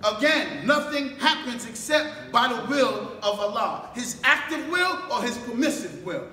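A man preaching a sermon in a mosque hall, firing rhetorical questions at the congregation, drawing their responses and building up to shouts. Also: very high-pitched, expressive, a little slow, hardly any pauses. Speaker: mosque minister. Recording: echoey room, distant mic, faint background noise.

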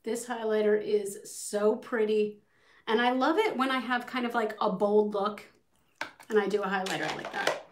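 A woman's voice: medium pitch, moderate pace. A young adult woman beauty vlogger chatting casually through a makeup tutorial, bubbly and swearing freely as she talks to her viewers.

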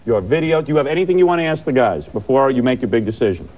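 A man's voice: medium pitch, lively intonation, racing, a little mellow, poor audio. A man hosting a radio game show, teasing his guests and repeating their answers back with wisecracks. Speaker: radio host.

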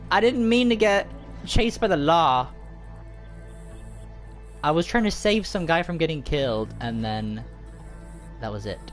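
Let's play host: panicky, excitable, big swings in pitch, quiet game music underneath. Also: slow, long pauses. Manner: excitable, shrieks and panicked outbursts. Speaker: gaming video host.

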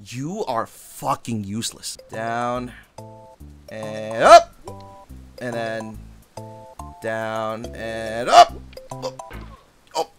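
A streamer commentating live gameplay, swearing, pleading and yelling at the game in frustration between calmer stretches. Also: mid-range voice, very slow, long pauses, faint music behind. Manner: pleading and coaxing between outbursts.

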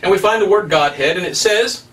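A man's voice: high-pitched, fairly quick, a bit bright, recorded from a distance. A man preaching as an evangelist, teaching Scripture with emphatic, rising stresses. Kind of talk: preaching Bible study.

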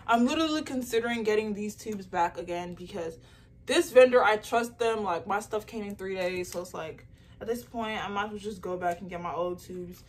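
A young woman in a casual home vlog, talking straight to her phone while she packs orders. She tells her story in a chatty, animated way, full of "like", with faint crinkling of mailers and tape behind her. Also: mid-range voice, a little fast, distant mic, a little hiss or hum. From Nigerian heritage. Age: young adult. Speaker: small business owner vlogger. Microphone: phone camera.

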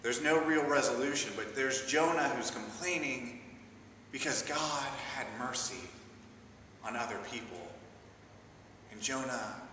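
A man preaches in a chatty, joking storytelling manner with a bright, sharp voice. The sound is very echoey with a long church reverb, taken from a distance with faint ambience behind. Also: medium pitch, slight background noise. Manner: conversational, humorous storytelling. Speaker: assistant pastor. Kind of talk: sermon. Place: large church.

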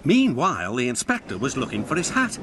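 Brief: male storybook narrator, expressive, lively pitch. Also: fairly quick, background noise. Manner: expressive, animated. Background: background music.

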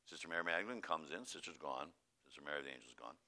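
Casting: folksy male priest, bright, very animated storytelling voice. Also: extremely low pitch, very fast. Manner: animated storyteller who acts out dialogue; folksy, says "I says". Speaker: priest giving a retreat conference. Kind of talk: sermon with anecdotes.

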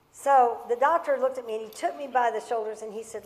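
A woman's voice: on the high side, fairly quick, hardly any pauses. Impassioned woman pastor in a reverberant hall. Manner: impassioned, emphatic, repeats herself for stress. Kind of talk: sermon with personal storytelling. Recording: long reverb of a large hall.

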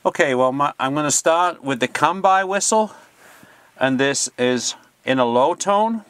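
A man, a sheepdog trainer, giving a plain, practical and unhurried instructional demonstration. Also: a little high, animated, a bit bright, clear, resonant tone, no echo.

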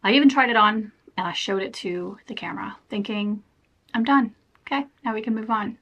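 A woman's voice: fairly high pitch, fairly bright tone. A young woman vlogging to camera in a chatty, self-deprecating way, laughing often. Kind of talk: casual chat to camera.

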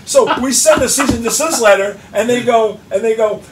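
A man telling an animated, profane story in an interview, acting out both sides of phone calls. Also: very high-pitched, moderate pace, a loud crowd. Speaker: guest musician. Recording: roomy echo, distant mic, clear background noise.

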